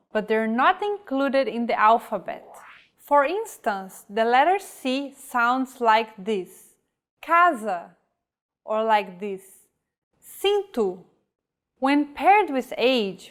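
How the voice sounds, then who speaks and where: A woman teaching a scripted pronunciation lesson, reading example words slowly and carefully. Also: a little high. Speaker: language teacher.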